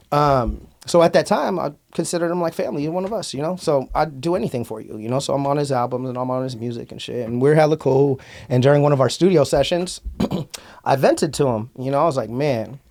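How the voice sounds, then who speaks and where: A man's voice: medium pitch, darkish tone. A man with a Bay Area accent telling a story in a podcast interview, outspoken and blunt, swearing freely with many fillers. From Antioch, California. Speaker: rapper and podcast guest.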